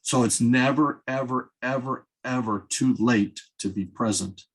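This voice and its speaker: A man's voice: mid-range voice, measured pace, poor audio. A man in his fifties speaking as a podcast guest, earnest and emphatic, repeating words for stress. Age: 50s. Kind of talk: candid conversational talk.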